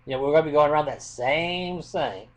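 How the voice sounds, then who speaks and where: A man's voice: fairly high pitch, a little fast. A man ranting into his webcam at home, blunt and impassioned, swearing freely. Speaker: vlogger. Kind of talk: webcam rant.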